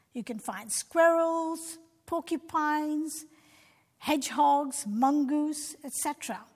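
Expressive high-voiced woman reading to children. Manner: expressive, addresses young listeners directly. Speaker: storyteller. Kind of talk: Christian children's story narration. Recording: long reverb.

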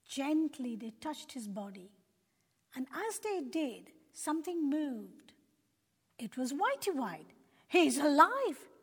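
A woman narrating a children's Bible story in an earnest, gentle preaching tone. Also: high-pitched, sing-song, takes it slowly. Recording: long hall reverb.

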